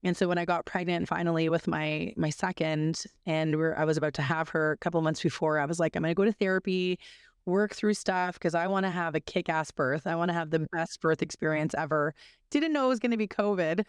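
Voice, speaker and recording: A woman in her thirties telling a personal story as a podcast guest, earnest, with many restarts, and lively when she quotes other people. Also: fairly low pitch, clean tone, dry recording, clean studio sound.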